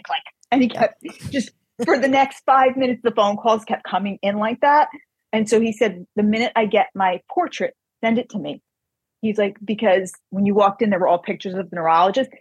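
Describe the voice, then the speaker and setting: A woman author telling an animated personal anecdote in casual chat, quoting the people in it. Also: on the high side, brisk, husky, no echo.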